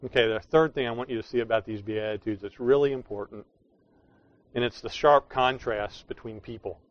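A man's voice: medium pitch, steady tone, a little fast, muffled recording, slight background noise. A man preaching a sermon, explaining scripture in an emphatic way that leans hard on key words. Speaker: pastor.

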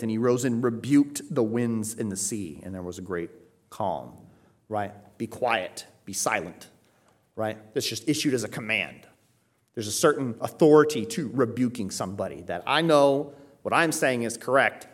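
A man preaching an expository sermon, emphatic and explanatory, often checking in with "right?" and raising his voice when acting out quoted pleas. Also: mid-range voice. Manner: emphatic teaching, frequent "right?" check-ins. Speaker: pastor.

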